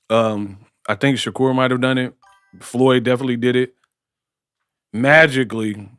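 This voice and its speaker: A man's voice: medium pitch, clear, resonant tone, dry recording. A man giving casual watch-party boxing commentary in a slangy, joking way. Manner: slangy, joking, breaks into impressions.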